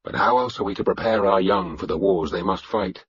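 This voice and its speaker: A man with a husky voice narrating a historical novel in the first person, in a measured, grave storytelling manner. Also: low-pitched. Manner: measured, grave storytelling with shouted battle cries. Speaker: audiobook narrator. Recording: dull lo-fi audiobook recording.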